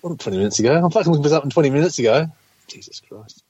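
Husky man on a dry, dull line. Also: fairly high pitch, lively intonation, rapid-fire, dark tone, no echo. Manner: laid-back, sweary. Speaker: podcast co-host. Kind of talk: casual chat.

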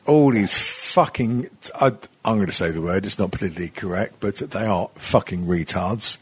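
A man's voice: sits low, moderate pace, slight background noise. A middle-aged man with a crude, rambling, mocking way of talking in a casual chat, swearing often and laughing as he goes.

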